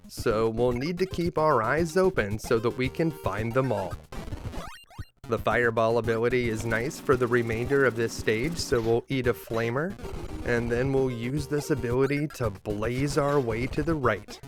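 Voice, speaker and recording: Over clear game music, a man with a medium-pitched voice hosts a scripted walkthrough of a video game, keeping things cheerful with light jokes.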